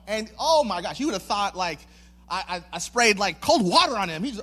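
A male pastor preaches a sermon with a notably high voice. He tells a personal story in a loose, chatty, self-mocking way, full of fillers and restarts. He slips into acted voices as he goes. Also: sing-song, a little fast, pushed and bright. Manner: acts out voices in his stories.

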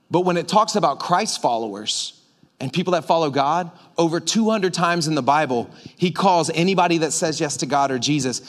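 A man preaching a conversational sermon as pastor, emphatic and full of repetitions. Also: fairly high pitch. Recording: long hall reverb.

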